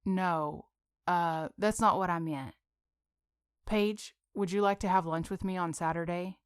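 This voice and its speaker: Woman reading as a nervous, polite young man, hesitant, smooth clear voice, storybook audiobook. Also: lowish voice, fairly even intonation, dry recording, studio quality, natural voice. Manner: hesitant, halting when nervous.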